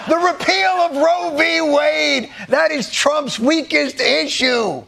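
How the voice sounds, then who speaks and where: High gravelly comedian, wildly animated. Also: male voice, slow pace, few pauses, very noisy. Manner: animated, swings between mock-serious mutter and shouting. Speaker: late-night comedy host. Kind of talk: comedic monologue.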